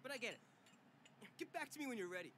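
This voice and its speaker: An actor playing an annoyed young boyfriend leaving a huffy voicemail, with noisy, distant audio. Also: male voice, extremely high pitch, lively intonation, fast, bright, forceful tone, full character voice.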